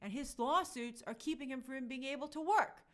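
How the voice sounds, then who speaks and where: A woman's voice: high-pitched, moderate pace. A woman hosting a casual live stream, reading viewer comments and chatting about entertainment news. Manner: animated, reads chat aloud, jumps into put-on quotes. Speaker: livestream host.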